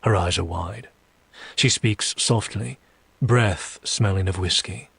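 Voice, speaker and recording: Deliberate first-person story narrator, a man with a low husky voice, recorded dry and close. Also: fairly bright tone, no echo. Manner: slow, deliberate, low reading with menacing asides. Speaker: story reader.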